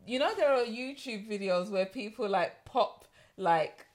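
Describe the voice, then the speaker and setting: A woman's voice: mid-range voice, lively intonation, unhurried. A woman co-hosting a podcast, chatting frankly with many fillers. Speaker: podcast co-host. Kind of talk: casual chat.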